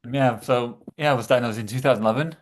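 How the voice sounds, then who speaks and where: A middle-aged man, a podcast guest talking casually, often halting and repeating words. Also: medium pitch. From England. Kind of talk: casual chat.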